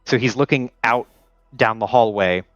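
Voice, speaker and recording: A man's voice: mid-range voice, normal speed, fairly bright tone, dry recording, muffled recording, soft background music. A man narrating as game master in a loose, filler-heavy way.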